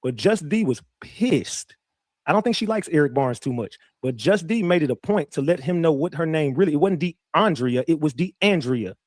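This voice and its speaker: A man's voice: fairly high pitch, brisk, dry recording, clean studio sound. A man streaming casual commentary, telling a story with lots of swearing and repeated words, and talking straight to his viewers. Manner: profane, animated storytelling with repeats; addresses viewers directly.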